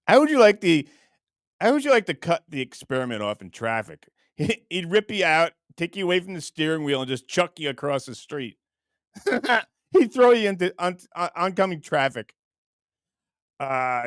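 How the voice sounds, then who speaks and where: A man's voice: a little high, very animated, moderate pace, long pauses, a bit bright, no echo, studio quality. A man hosting a show, riffing through comic bits in casual chat and laughing often. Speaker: host.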